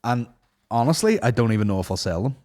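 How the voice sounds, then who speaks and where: A man hosting a podcast, swearing through animated, casual banter. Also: mid-range voice, fast. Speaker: podcast host. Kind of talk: casual chat.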